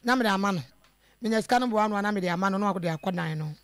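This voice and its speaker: A caller with a Ghanaian accent telling a family dispute to a radio host, speaking haltingly and trailing off mid-sentence. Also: medium pitch, a bit bright.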